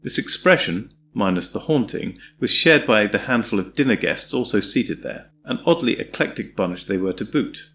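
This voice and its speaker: A man reading an audiobook in a measured, descriptive storytelling manner. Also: lowish voice, expressive, sharp tone. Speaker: audiobook narrator. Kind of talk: scripted audiobook narration.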